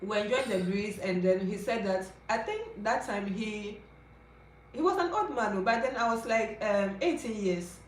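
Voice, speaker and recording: A woman's voice: mid-range voice, animated, normal speed, a little hiss or hum. Ghanaian woman in her 20s vlogging, confiding chatty storytelling, keeps checking in w viewers, echoey room. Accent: Ghanaian English. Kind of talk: personal storytelling to camera. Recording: roomy echo, faint ambience.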